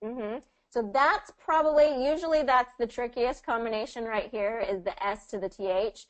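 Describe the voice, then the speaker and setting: A patient, encouraging woman coaching pronunciation over a video call. She breaks phrases into small pieces and models them slowly for her student. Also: on the high side, poor audio. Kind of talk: one-on-one online pronunciation lesson.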